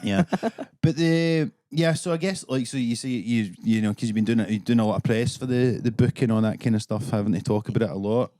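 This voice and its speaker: Guy cohosting a comedy podcast, mid pitch, rambly and jokey, laughs a lot, dry close mic. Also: brisk, few pauses, mellow, dry recording. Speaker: podcast co-host. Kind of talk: casual podcast chat.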